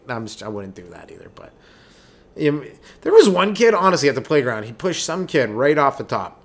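A young man rants through a loose comedy podcast monologue, his pitch swinging widely as he tells stories. He swears freely and keeps jumping into quick acted voices and yelps. The tone stays casual and jokey throughout. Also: very animated. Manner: profane, jokey, acts out quick voices and yells. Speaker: stand-up comedian, podcast host.

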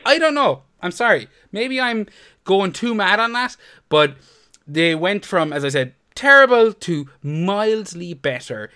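A young man co-hosting a casual podcast, ranting with lots of swearing and animated outbursts. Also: high voice. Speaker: podcast co-host.

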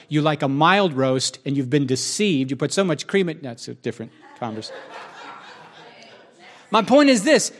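A man preaching a sermon in a conversational, joking way, with asides to the audience. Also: a little high.

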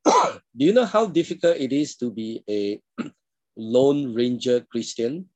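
A male pastor delivers a sermon in a measured teaching tone, pitched around the middle for a man. He often clears his throat and puts questions to his listeners. The sound is dry and close, with no room echo. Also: lively intonation. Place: online church service.

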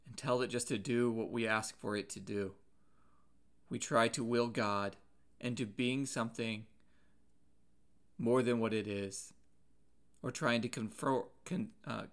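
An earnest man delivering a sermon at a measured pace. His voice sits in an ordinary middle pitch, and he pauses and restarts words as he works through his points. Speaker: preacher.

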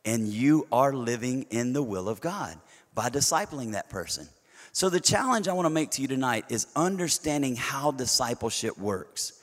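A middle-aged man preaching a sermon at a mid pitch, his voice carrying a long hall reverb through the church sanctuary. He speaks conversationally, peppering the congregation with rhetorical questions and stumbling into repeated words as he restarts his thoughts. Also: lively intonation, normal speed.

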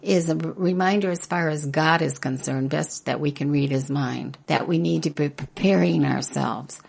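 A woman's voice: low voice, normal speed, creaky, a little mellow, slightly rough. An older woman co-hosting a podcast, talking earnestly and laughing often in a casual faith discussion. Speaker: podcast co-host.

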